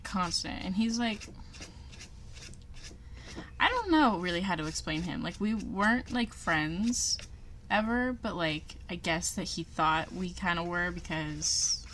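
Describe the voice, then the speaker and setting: A woman's voice: lowish voice, lively intonation, a little slow, a bit bright, a little hiss or hum, rough recording. A young woman co-hosting a podcast, chatting casually with blunt, joking remarks. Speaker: podcast co-host. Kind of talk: casual chat.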